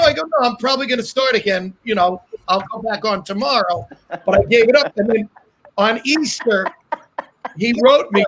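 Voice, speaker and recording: High-voiced man telling a rambling comic story. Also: fairly quick. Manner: animated, repeats himself, laughs at own jokes. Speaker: comedian guest.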